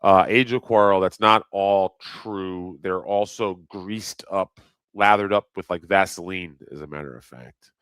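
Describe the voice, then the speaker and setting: A man's voice: low-pitched, fairly even intonation, a little slow, a bit bright, smooth, dry recording. A middle-aged man rambling crudely in a casual livestream chat, reading comments aloud and laughing at himself.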